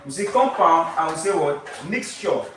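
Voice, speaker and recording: A high-voiced man teaching chemistry, throwing out "what?" after half a sentence and then filling in the answer himself. He stretches out key terms to drive them home. The voice comes from across an echoey classroom, with noise in the background. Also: expressive, distant mic. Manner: call-and-response teaching, constantly asks "what?" and answers himself; repeats key terms slowly for emphasis. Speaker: chemistry tutor. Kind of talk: live-streamed exam lesson. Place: classroom with whiteboard.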